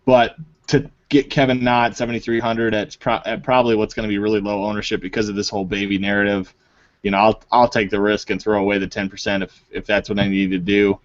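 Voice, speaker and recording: A man's voice: lowish voice, flat delivery, fast talker, no room sound. A man hosting a casual fantasy golf chat, loose and jokey, swearing now and then, heard over an online call. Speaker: podcast host. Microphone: online call mic. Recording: dull lo-fi online call audio.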